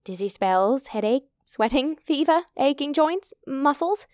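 A woman voicing a young female holidaymaker who is feverish and irritable, her lines pitched up high and clipped. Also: animated, a little slow, a little mellow, no room sound, studio quality. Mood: irritated.

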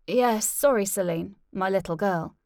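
A woman's voice: mid-range voice, a little slow, a little mellow, no echo, clean studio sound, lightly acted. A woman voicing a weary middle-aged man who murmurs and half-whispers. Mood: flustered.

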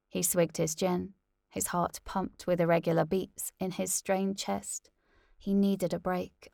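A woman narrating a novel aloud in a measured, deliberate way. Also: medium pitch, vocal fry, no room sound, clean studio sound.

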